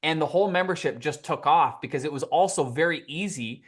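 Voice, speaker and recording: A man speaking as a podcast guest, telling lively stories and acting out quoted dialogue. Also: a little high, fairly quick, breathy edge. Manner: animated, acts out quoted dialogue. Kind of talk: storytelling interview answer.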